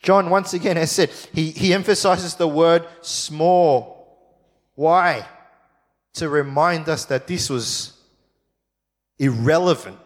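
A man preaching a sermon, telling the story in a lively, jokey way and acting out the voices of the people in it. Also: on the high side, long reverb tail.

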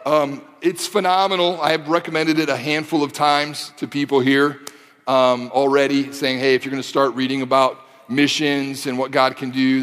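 A man in his forties from the Detroit area delivers a sermon in a slightly higher voice, climbing into impassioned repeated phrases. He drops into casual, joking asides to the congregation between those passages. His voice carries a long reverb from a large hall. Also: fairly bright tone. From Michigan, Detroit area. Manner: builds to impassioned, rising emphasis with repeated phrases. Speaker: pastor.

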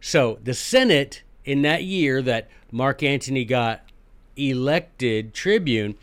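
A man gives a casual history lesson, folksy and joking in tone. His voice sits at a middle pitch and the recording is dry and close. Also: lively intonation, slow, a bit bright, no echo. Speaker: history podcast host.

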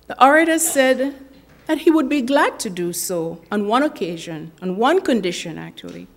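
A woman preaching a sermon, measured and earnest, leaving long pauses for effect. Her voice sits a little high, and she takes her time over every phrase. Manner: slow, deliberate and earnest, with dramatic pauses. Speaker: speaker at a women's ministry gathering.

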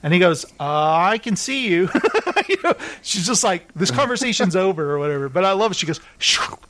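A man hosting a casual chat show, recapping TV episodes with animated storytelling and acted-out quotes. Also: sits high, brisk. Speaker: podcast host.

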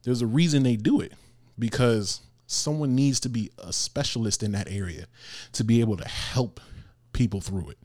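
A man's voice: medium pitch, normal speed, darkish tone, no room sound. A man hosting a podcast and talking earnestly and encouragingly, often laughing between points and dropping casual slang. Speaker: podcast host. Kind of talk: motivational podcast monologue.

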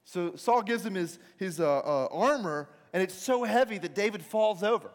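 High-voiced pastor, casual storyteller. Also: male voice, normal speed. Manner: casual, animated storytelling with asides. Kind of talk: sermon. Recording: reverberant large hall.

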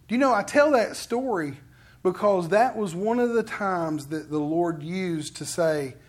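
A man's voice: high-pitched, measured pace. A man preaching a sermon in a conversational storytelling way, acting out what other people say. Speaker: pastor.

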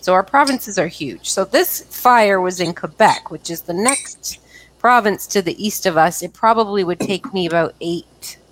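A woman co-hosting a casual podcast chat, telling stories in an animated, chatty way. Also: on the low side, moderate pace, a little hiss or hum, poor audio. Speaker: podcast co-host. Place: lives in Ontario, Canada.

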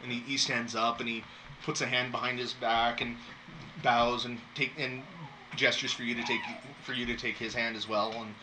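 A man narrating a tabletop game as game master, with many pauses and fillers. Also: medium pitch, little pitch movement, sharp tone, a little hiss or hum, poor audio. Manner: hesitant, filler-heavy.

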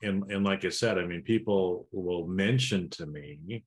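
A man co-hosting a casual podcast chat, relaxed and rambling with many asides. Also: sits low, unhurried. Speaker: podcast co-host.

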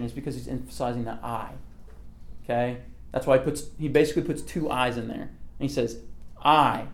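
A man with a medium-pitched, slightly mellow voice leads a relaxed Bible study, working through a passage conversationally. He keeps checking in with "okay" and asks the group questions.

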